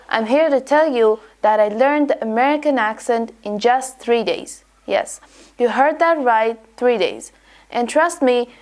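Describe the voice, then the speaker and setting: Woman, accent coach, scripted lesson, fairly high voice, upbeat delivery. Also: darkish tone.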